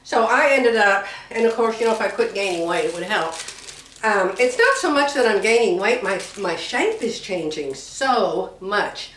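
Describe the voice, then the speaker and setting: A woman's voice: mid-range voice, expressive, moderate pace, fairly bright tone, recorded from a distance, slight background noise. An older woman chatting casually in a home sewing vlog, rambling along and laughing often. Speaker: sewing vlogger. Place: home room. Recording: roomy sound from away from the mic.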